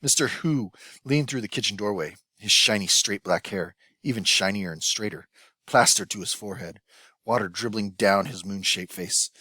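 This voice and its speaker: Low-voiced man narrating a novel. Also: moderate pace, pushed and bright, slightly rough, dry recording. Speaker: audiobook narrator. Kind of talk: scripted narration.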